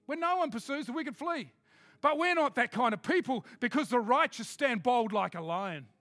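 A man preaching a sermon, emphatic, switching between quick asides and slow, loud declarations. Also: very high voice, expressive, no echo.

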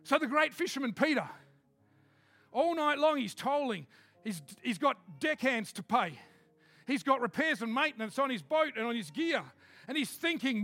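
A man preaching a sermon, emphatic, switching between quick asides and slow, loud declarations. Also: very high voice, lively intonation, dry recording, soft background music.

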